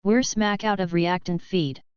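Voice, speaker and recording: A blunt young cadet engineer, as a woman narrator reads him in a space adventure audiobook. He speaks grimly and plainly. The voice is clear and lowish, on a dry, muffled recording. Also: steady tone, unhurried, no echo, lightly acted. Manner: grim, blunt.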